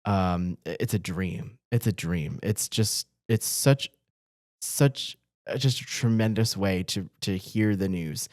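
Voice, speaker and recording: A man's voice: sits low, slow pace, a little mellow, dry recording, studio quality. A man from Massachusetts, a newspaper reporter co-hosting a casual news rundown, joking and laughing often between fillers.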